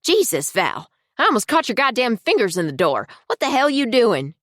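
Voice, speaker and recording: A woman narrator voicing a fierce, protective middle-aged mother who is sharp and angry with outsiders and soothing to her daughter. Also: medium pitch, lively intonation, measured pace, no room sound, studio quality. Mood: furious.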